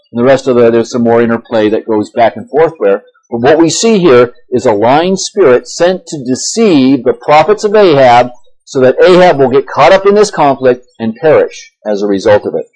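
A man's voice: mid-range voice, expressive, normal speed, darkish tone, low-quality recording. A male pastor preaching a sermon, reading old-style scripture aloud and then retelling it in casual, emphatic slang. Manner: emphatic, asks listeners for agreement.

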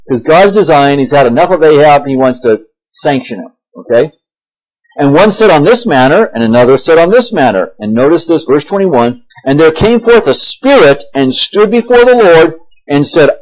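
A male pastor delivering a sermon in a somewhat higher voice than most men. He reads formal old scripture, then paraphrases it in loose, emphatic slang and keeps checking that his listeners follow. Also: animated, a little fast, poor audio. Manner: emphatic, asks listeners for agreement. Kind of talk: sermon, reading scripture aloud.

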